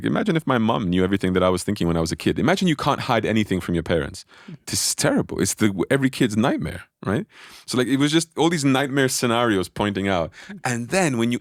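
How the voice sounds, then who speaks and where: A man telling a personal spiritual story in a relaxed podcast conversation, animated and often restarting his sentences. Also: on the low side, no echo, studio quality.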